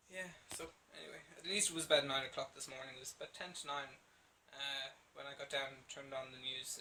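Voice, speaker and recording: A man's voice: mid-range voice, sharp tone, a little hiss or hum. A man with a Dublin Irish accent, chatting casually to camera at home in a rambling, self-deprecating way. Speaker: vlogger.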